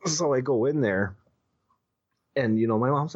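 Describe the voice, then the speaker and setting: A man telling a personal story as a podcast guest, halting with many restarts and casual swearing. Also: medium pitch, a little mellow, husky. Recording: dull lo-fi audio.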